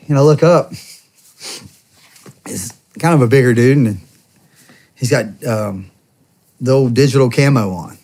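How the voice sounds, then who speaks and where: A man's voice: medium pitch, moderate pace, long pauses. Man in his thirties telling stories. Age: 30s. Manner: animated, acts out quoted dialogue. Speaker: podcast guest. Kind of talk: casual storytelling.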